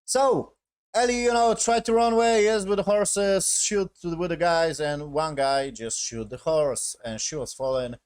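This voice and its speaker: A man's voice: on the high side, measured pace, clean tone, dry recording. A man giving a casual, rambling recap of a show episode in non-native English with broken grammar. He swears a lot and keeps checking in with "basically" and "yes?". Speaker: episode reviewer.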